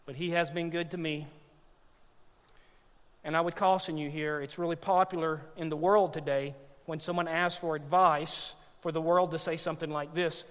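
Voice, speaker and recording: A man's voice: on the high side, fairly even intonation, moderate pace, a bit bright. A man preaching a sermon emphatically, calling out to the congregation as "Church". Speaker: pastor. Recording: long hall reverb.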